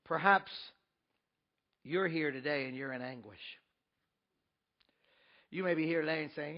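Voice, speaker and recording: A man preaching a sermon as pastor, emphatic, with rhetorical questions, swinging between loud and hushed. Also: on the high side, moderate pace, vocal fry, pauses often, dull audio.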